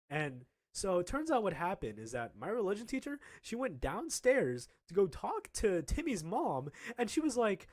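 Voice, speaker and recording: A young man with a high-sitting voice talks fairly quickly as he casually recounts a story from his school days. He is animated, laughs often, and acts out the lines of the other people involved.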